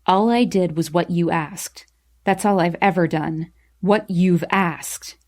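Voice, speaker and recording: A woman voicing an angry, defensive young man in a storybook reading, speaking in a clipped, cold, bitter way. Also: slow. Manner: clipped, bitter, low and icy.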